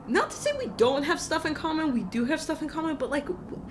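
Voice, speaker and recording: A woman's voice: high voice, lively intonation, a little fast, background noise. A young woman co-hosting a podcast, in casual chat full of "like" fillers, giggles and swearing. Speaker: podcast co-host.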